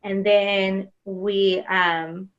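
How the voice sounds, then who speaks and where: A woman's voice: medium pitch, flat delivery, drawn-out words, fairly bright tone. Candid woman host, slightly muffled. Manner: candid, personal storytelling with fillers. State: pregnant. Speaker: podcast host. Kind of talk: conversational interview. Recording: slightly dull lo-fi sound.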